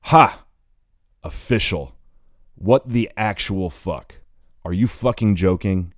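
A man's voice: sits low, a little slow, no room sound. A man reading the lines of an angry, heartbroken young man who has been drinking and swears bitterly. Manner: bitter, swearing, close to shouting.

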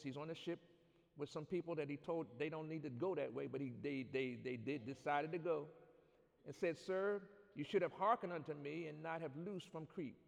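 A man preaching a sermon in a church, reading scripture and calling on the congregation to answer back, building to loud shouts. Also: fairly high pitch, gravelly. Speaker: pastor. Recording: long hall reverb.

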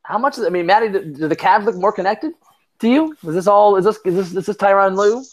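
A fairly high-voiced young man in loose podcast chat, swearing freely and tripping over his own restarts. His talk is full of fillers as he rambles from point to point. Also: quick pace. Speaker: podcast co-host. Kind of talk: casual sports chat.

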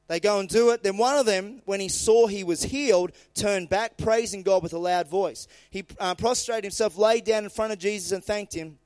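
A man preaching a sermon, retelling scripture stories in lively, casual everyday words. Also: high voice, moderate pace, few pauses, no room sound.

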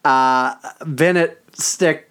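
A man's voice: fairly high pitch, drawn-out words, a bit bright, a little hiss or hum. Chatty guy cohosting a sports podcast, jokey, rambles with lots of ums. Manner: chatty, joking, many fillers and asides. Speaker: podcast co-host. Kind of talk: casual sports podcast chat.

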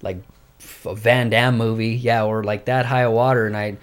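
A man telling a fight story in casual, profane, animated chat. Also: fairly low pitch, normal speed, clear, resonant tone.

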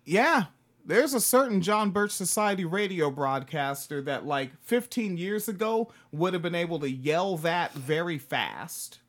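A co-host with a mid-pitched voice chats casually and cracks wry jokes alongside the main speaker. The delivery is easygoing and dry, with plenty of side comments. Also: animated, measured pace. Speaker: podcast co-host. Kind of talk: casual chat.

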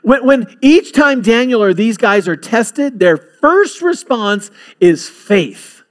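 A man's voice: very high voice, expressive, slow. A male pastor preaching a sermon, building emphasis with repeated phrases.

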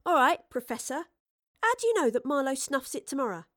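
A woman's voice: sits high, sing-song, a little fast, no room sound, clean studio sound, voice pushed up. Woman doing a blunt young girl. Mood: challenging. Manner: blunt, defiant, slangy. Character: feisty streetwise young London girl.

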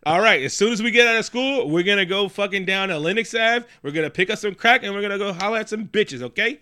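A man putting on a brash Italian-American teenage boy with a heavy New York accent, loud and swaggering. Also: sits high, expressive, quick pace, clean tone, voice pushed up.

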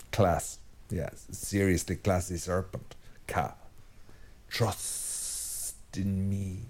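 An Irish priest giving a Sunday homily in a conversational, digressive way, repeating phrases for emphasis. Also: male voice, medium pitch, darkish tone.

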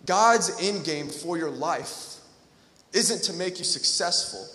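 A man's voice: high-pitched, bright, forceful tone. A young man preaching a sermon in a casual, conversational way, repeating phrases and building to emphatic peaks. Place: large hall with long reverb. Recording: echoey hall reverb.

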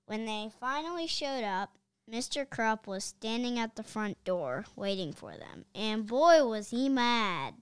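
Woman reading a kids' book aloud, expressive, slightly high voice, very slow pace. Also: smooth. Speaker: reader.

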